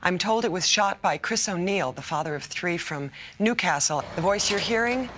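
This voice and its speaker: A woman plays a TV news anchor reading bulletins in a crisp, measured way. Her voice sits on the low side for a woman. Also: expressive, a crowd in the background, close to an everyday voice.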